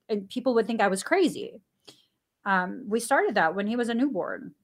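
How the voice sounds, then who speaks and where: Mom telling stories on a podcast, lively, laughs a lot, acts out the quotes. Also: female voice, normal speed. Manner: animated, laughs often while telling stories; acts out dialogue with sudden pitch jumps. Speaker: stay-at-home mom and podcast guest. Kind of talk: casual anecdotal storytelling.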